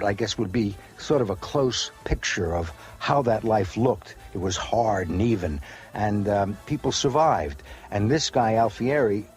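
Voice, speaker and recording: An older American actor is a guest on a relaxed radio interview, speaking in a lowish voice. His Brooklyn, New York accent has softened toward British, and he rambles through anecdotes with many fillers.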